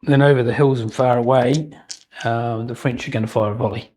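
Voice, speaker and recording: A man's voice: medium pitch, steady tone, brisk, a little mellow, a little hiss or hum, rough recording. A man narrating a solo tabletop wargame battle report in a chatty way, with joking asides and frequent ums. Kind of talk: casual game commentary.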